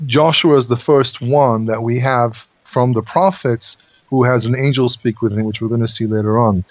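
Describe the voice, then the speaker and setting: A man hosting a Bible study, explaining passages and thinking out loud. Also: mid-range voice, fairly even intonation, normal speed, no room sound. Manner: explanatory, thinks aloud with restarts. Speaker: host and Bible teacher. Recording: dry, dull lo-fi sound.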